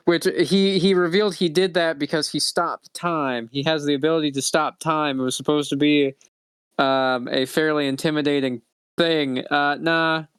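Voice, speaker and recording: A man running a tabletop role-playing game, recapping and narrating with frequent laughs and halting restarts. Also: on the high side, a bit bright, smooth, dry recording. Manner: laughing, halting, loose storytelling. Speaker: game master.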